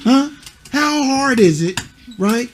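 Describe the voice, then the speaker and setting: High-voiced middle-aged man as a tough mentor, scolding kids bluntly. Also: expressive, slow pace, slight background noise. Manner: scolding, repeats "huh?" and "you see what I'm saying"; blunt, curses. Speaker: youth mentor. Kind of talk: stern lecture to children.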